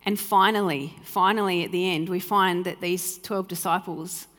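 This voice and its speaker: A woman's voice: lowish voice, fairly even intonation, moderate pace. A woman in her thirties giving an earnest, heartfelt sermon as a pastor, sometimes acting out remembered conversations. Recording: reverberant hall with soft music.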